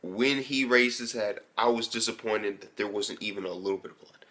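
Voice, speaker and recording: A man's voice: lowish voice, moderate pace. A young man giving a casual, rambling anime episode review, swearing often and switching from hyped to unsure. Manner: profane, rambling, excitable, lots of fillers.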